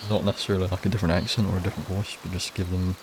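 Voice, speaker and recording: A man's voice: sits low, flat delivery, rapid-fire, background noise. A man commentating a game playthrough, blunt and self-deprecating, swearing freely. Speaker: gaming streamer. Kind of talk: let's play commentary.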